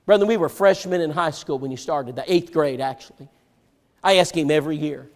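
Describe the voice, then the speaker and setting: Preacher telling a story in a reverberant hall. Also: male voice, sits high, big pitch swings, fairly quick. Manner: acts out quoted dialogue with sharp swings from loud to hushed. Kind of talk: sermon storytelling. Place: church sanctuary.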